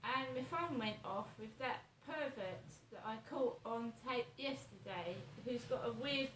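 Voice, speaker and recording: A woman, rambling through a slow, repetitive story about her morning while she vlogs in her flat. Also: on the high side, roomy sound, recorded from a distance, slight background noise, poor audio. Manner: slow, repetitive, anxious retelling. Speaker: vlogger.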